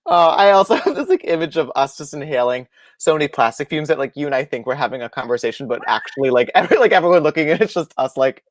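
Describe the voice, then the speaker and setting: A man's voice: a little high, no echo, studio quality. A young man hosting a casual crafting livestream, chatting and teasing playfully over a video call. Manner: animated, quick, playful teasing. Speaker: host and author.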